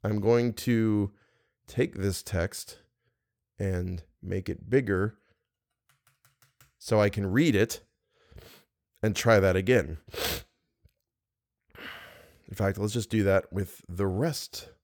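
Slow, grumbling male story reader. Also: on the low side, a little mellow, no room sound, studio quality. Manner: grumbling at his own reading slips. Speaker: podcast host and reader. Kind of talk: outtakes of a story reading.

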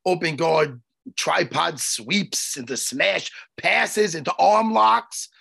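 A man co-hosting a podcast in casual banter, animated and joking, swearing freely. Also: a little high, slow, gravelly, slightly rough. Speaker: co-host.

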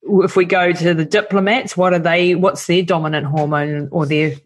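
A woman hosting a podcast interview, chatty and quick to laugh, who acts out little quotes animatedly. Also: fairly low pitch, steady tone. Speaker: podcast host.

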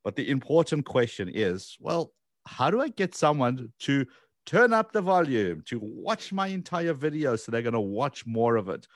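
A man's voice: medium pitch, very animated, moderate pace, no echo, studio quality. A man hosting an interview who agrees with his guest and tells stories from his own experience. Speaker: interview host. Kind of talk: conversational interview.

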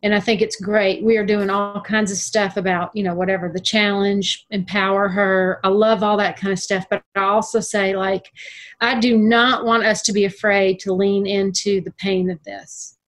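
A middle-aged woman talks in relaxed conversation, earnest and emphatic. She stretches out key words for emphasis, and her voice sits in an ordinary middle range for a woman. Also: mid-range voice, moderate pace. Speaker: guest. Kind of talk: casual conversation.

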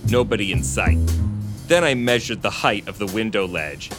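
Animated man reading a story aloud. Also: fairly low pitch, moderate pace, music in the background. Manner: animated, laughs often while reading. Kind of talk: casual chat and story reading.

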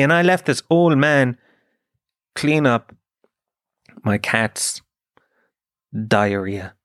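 A man's voice: mid-range voice, animated, very slow, long pauses, a bit bright, no room sound, studio quality. A man hosting a podcast, telling a rambling, self-mocking story in casual chat and swearing freely. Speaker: podcast host.

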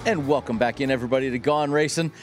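A man with a West Coast US accent co-hosting a racing betting podcast, jokey and animated, often tripping over his words. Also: medium pitch, fast, faint music behind. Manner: animated, jokey, stumbles and restarts. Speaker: podcast co-host. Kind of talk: casual sports-betting chat.

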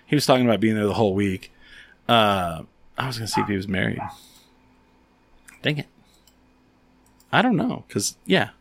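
A man's voice: on the low side, expressive, moderate pace, gravelly, long pauses. A man co-hosting a casual chat, telling a story with lots of swearing and acted-out quotes. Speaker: podcast co-host.

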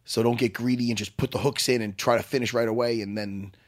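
A man's voice: medium pitch, fairly even intonation, fast. A man, a fight coach co-hosting a casual sports chat, rambling and leaning on "you know". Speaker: fight coach and podcast co-host.

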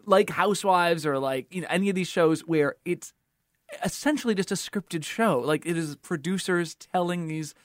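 A man co-hosting a casual podcast chat, telling stories in a measured, dry way. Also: high voice, dry recording. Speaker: podcast co-host.

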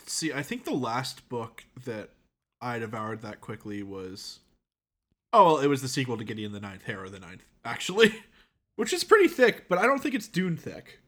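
A man in casual podcast chat with friends, teasing and quick to laugh. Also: mid-range voice, sing-song, fairly bright tone.

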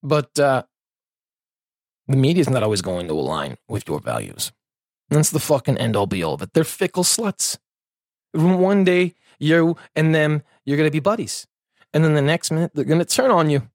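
A man's voice: fairly high pitch, sing-song, moderate pace, darkish tone, no room sound, studio quality. A man hosting a podcast in an angry, sarcastic and heavily profane comedic rant, full of rambling asides. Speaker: podcast host.

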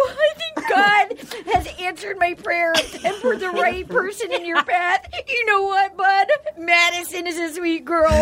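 A woman's voice: extremely high pitch, pitched above the performer's own voice, exaggerated voice. A woman doing a crying, wailing impression of an emotional religious mother.

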